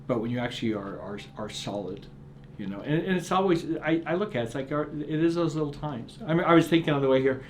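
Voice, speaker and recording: A man's voice: medium pitch, animated, fast talker, slight background noise. A middle-aged man, an author being interviewed, telling earnest stories and often restarting sentences with repeated words. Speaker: author and guest. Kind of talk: reflective storytelling interview.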